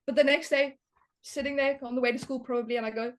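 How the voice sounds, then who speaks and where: A young woman tells a story with laughter running through it. Her voice is fairly high and animated, and her talk is casual and quick. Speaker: podcast guest, daughter. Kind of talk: casual chat.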